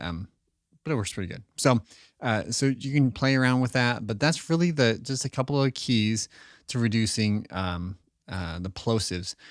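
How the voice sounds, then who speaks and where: A man hosting a casual audio tutorial, relaxed and thinking aloud with fillers and restarts, speaking close into a studio microphone. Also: lowish voice, no room sound. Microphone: close studio microphone with pop filter.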